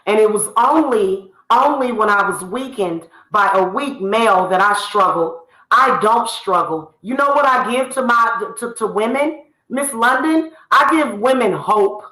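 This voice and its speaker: A woman rants straight into the camera, scolding the people she calls out by name. Her voice is bright and a bit sharp, and it rings in a reverberant room. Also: medium pitch, expressive, a little slow, hardly any pauses. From United States. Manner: heated, scolding, addresses people directly. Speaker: spiritual reader and channel host. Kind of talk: ranting monologue to camera. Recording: echoey room.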